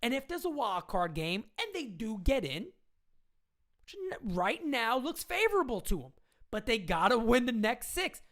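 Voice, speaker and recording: Animated woman hosting a fan livestream. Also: fairly high pitch, a little slow. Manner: animated, repeats points for emphasis, reads viewer questions; slangy fan talk, occasional swearing. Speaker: live stream host. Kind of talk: casual live stream chat.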